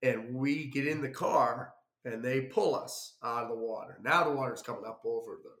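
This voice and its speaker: A man's voice: mid-range voice, moderate pace. A man telling a long travel mishap in a casual, rambling way, acting out what people said. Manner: rambling, animated anecdote with acted-out quotes. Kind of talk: casual storytelling. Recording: roomy echo.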